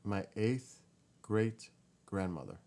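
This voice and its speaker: A man's voice: on the low side, slow. A man vlogging casually and emotionally, muttering and exclaiming as he reads. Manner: emotional, excited, muttering while reading. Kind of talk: casual vlog, researching family tree.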